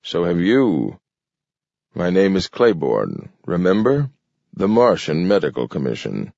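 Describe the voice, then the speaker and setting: A man's voice: low-pitched, big pitch swings, unhurried, creaky, a little mellow, no room sound, full character voice. A man reading the part of a grave, gray-haired male doctor who talks in a firm, insistent way. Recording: dull lo-fi dry recording.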